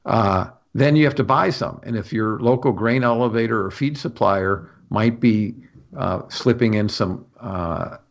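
A man's voice: lowish voice, measured pace, gravelly, lo-fi sound. A man from Wisconsin, a guest on a radio show, explaining earnestly with many fillers and restarts. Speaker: guest from a farm policy institute. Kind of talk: radio interview.

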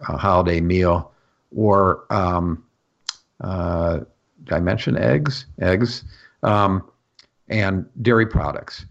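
Low-voiced man explaining on the radio. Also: lo-fi sound. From Wisconsin. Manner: earnest, explanatory, many fillers and restarts. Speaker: guest from a farm policy institute. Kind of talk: radio interview.

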